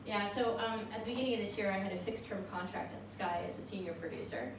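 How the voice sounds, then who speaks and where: In a distant, echoey recording of a live room with music and a noisy background, a Californian woman performs cabaret, singing and doing stand-up. Between songs she talks to a small audience with dry, self-deprecating humor, her medium-pitched voice moving quickly.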